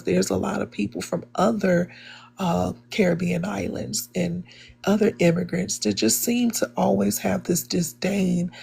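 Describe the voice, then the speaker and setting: Gravelly, husky woman. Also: mid-range voice, darkish tone. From Chicago, USA. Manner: earnest, many fillers and restarts. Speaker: debate participant. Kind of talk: live online debate, personal storytelling.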